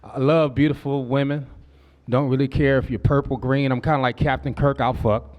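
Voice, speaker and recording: A man's voice: medium pitch, flat delivery, normal speed, lo-fi sound. A man in his forties from Southern California doing a stand-up comedy set on a club stage. He tells brash, profane stories and slips into quoted voices. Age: 40s.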